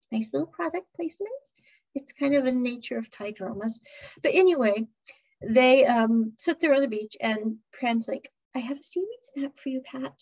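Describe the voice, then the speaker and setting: A podcast host recaps an episode in a loose, chatty ramble, laughing often. Her fairly high voice has a breathy, husky edge and is a little mellow. The recording sounds muffled and lo-fi.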